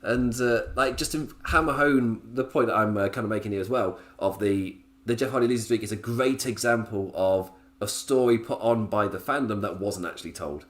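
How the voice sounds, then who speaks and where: A man's voice: fairly low pitch, brisk, few pauses. A man hosting a solo wrestling review podcast, rambling through his points, often laughing and drifting into tangents.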